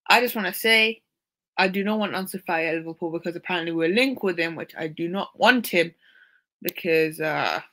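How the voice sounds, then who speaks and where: A man co-hosting a live match reaction, talking casually in quick, halting bursts with restarts. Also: high-pitched, pushed and bright. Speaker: co-host on a live stream.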